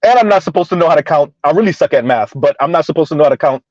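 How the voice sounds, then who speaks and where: Sarcastic high-voiced Southern man commentating. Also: animated, racing, darkish tone, dry recording, muffled recording. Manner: sarcastic, mocking, emphatic. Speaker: commentary streamer. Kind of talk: reaction commentary to live chat.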